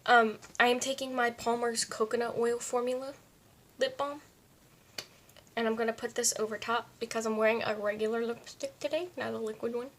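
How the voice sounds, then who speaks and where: A woman's voice: fairly high pitch, steady tone, brisk, fairly bright tone, a little hiss or hum. A woman talking casually through a makeup tutorial at home, chatting to herself as she works. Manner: chatty, talks to herself while applying makeup. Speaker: beauty vlogger. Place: home, indoors.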